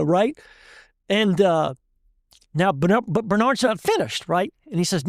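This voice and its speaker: Man, chef guest, lively storyteller, laughs a lot, high voice, dry sound. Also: measured pace, long pauses, no echo. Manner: animated, laughs often, tells stories with voices. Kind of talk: casual storytelling chat.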